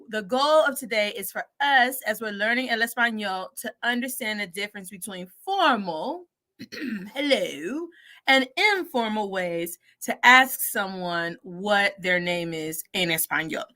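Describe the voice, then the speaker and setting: Bright, upbeat woman teaching Spanish. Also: medium pitch, normal speed. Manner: energetic, playful, switching between English and Spanish; models dialogue by playing both speakers. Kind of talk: bilingual video lesson.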